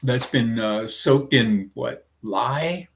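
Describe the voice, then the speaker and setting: A man's voice: mid-range voice, expressive, takes it slowly, slight background noise. A man who grew up in the American South, co-hosting a casual live chat aboard a small sailboat, rambling with lots of fillers and chuckles. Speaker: sailing vlog co-host.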